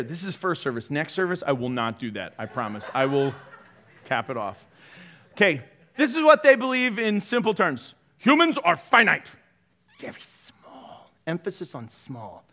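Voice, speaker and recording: A male pastor preaching with a high, bright voice that swings all over the place. He jokes and laughs often and keeps tossing sarcastic asides to his congregation. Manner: animated, joking, laughs often. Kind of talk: sermon.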